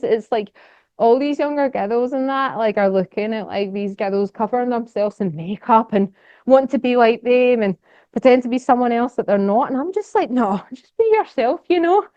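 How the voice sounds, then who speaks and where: A woman's voice: a little high, brisk, darkish tone, dry recording. A young Scottish woman giving a casual talk to a society, chatty and enthusiastic, rambling with lots of fillers. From Scotland. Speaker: guest speaker. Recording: dull, dry lecture recording.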